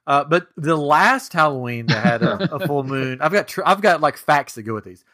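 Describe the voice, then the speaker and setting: Lively playful podcast host man. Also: a little high, moderate pace. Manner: playful, reads out quiz questions. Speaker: podcast host running a trivia game. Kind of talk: casual podcast chat.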